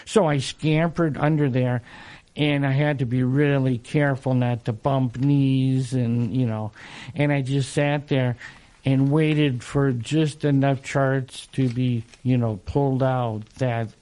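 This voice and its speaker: An older man in his sixties speaks slowly as an interview guest. He tells his stories haltingly, with plenty of uhs and restarts. His pitch sits in a middle range for a man. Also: steady tone, mellow. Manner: unhurried, halting, lots of fillers and restarts, chuckles. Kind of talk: casual storytelling in an interview.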